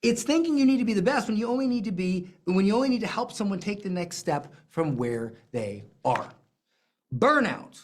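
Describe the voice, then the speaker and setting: Animated coach teaching a class, pitch all over the place, jokey self-deprecating asides. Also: a little fast, few pauses. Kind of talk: live coaching lesson.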